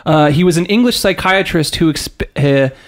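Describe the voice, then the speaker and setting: A man's voice: a little high, normal speed. A man hosting a casual podcast chat, telling stories with lots of asides and swearing. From American South. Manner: animated storyteller, jumps into mock voices, swears. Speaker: podcast host.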